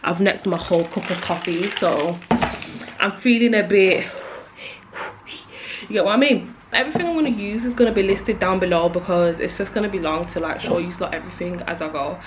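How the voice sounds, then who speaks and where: A woman's voice: on the low side, a little fast, background noise. Nervous young woman. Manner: nervous, jittery, emotional, trailing off with many likes. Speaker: beauty vlogger. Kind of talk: casual confessional chat while doing makeup.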